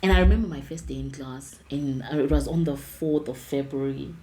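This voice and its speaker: A young woman, a nurse specialist, telling animated and emotional stories with frequent laughter in a casual interview. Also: rumbling low, normal speed, roomy sound, slight background noise.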